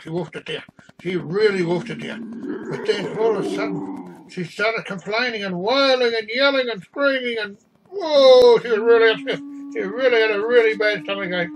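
A man's voice: high voice, moderate pace, noisy background. A man telling a rambling comic story, exasperated and meandering. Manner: meandering, exasperated, doing the other people's voices.

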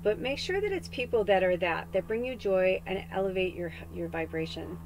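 A woman in her forties gives a spoken psychic reading, and her talk wanders freely. She is candid and tearful, swears casually, and her pitch sits in the middle for a woman. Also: animated, moderate pace, noisy background. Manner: rambling, emotional, candid, swears freely, laughs through tears. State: tearful, close to crying. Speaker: psychic medium host. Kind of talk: casual spoken tarot-style reading podcast.

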